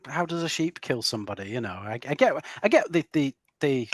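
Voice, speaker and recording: A man's voice: mid-range voice, lively intonation, brisk, dry recording. Rambling man, dry close sound. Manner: rambling, many restarts and tag questions. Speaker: podcast host. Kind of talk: casual film discussion.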